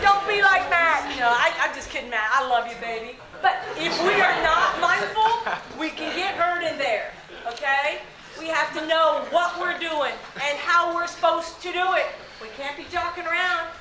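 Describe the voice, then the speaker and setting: A woman working as a high school athletic trainer, talking casually to students, often asking "okay?" and laughing. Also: bright, forceful tone, a little hiss or hum. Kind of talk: classroom talk to students. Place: school room. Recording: echoey room.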